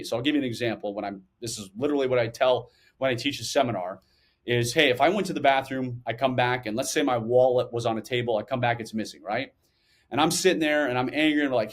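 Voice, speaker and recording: Animated man telling stories. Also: mid-range voice, brisk. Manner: animated, acts out quotes. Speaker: guest, former intelligence officer. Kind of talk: storytelling interview answers.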